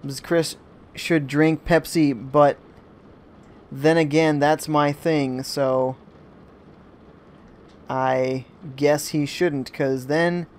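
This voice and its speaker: A man's voice: fairly high pitch, steady tone, drawn-out words, pauses often, a little mellow. A man giving live commentary on a video game, joking and reading viewer chat aloud from home. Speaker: gaming streamer. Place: at home during a rainstorm.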